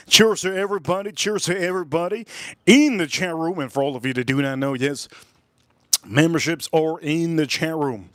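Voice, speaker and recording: A middle-aged man with a Miami accent rambles through a casual whiskey livestream. He drags his phrases out and keeps repeating himself. His voice sits a bit high and sounds close and dry, with no room around it. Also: a bit bright, no echo. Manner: rambling, repetitive, drawn-out phrases. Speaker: whiskey reviewer and livestream host.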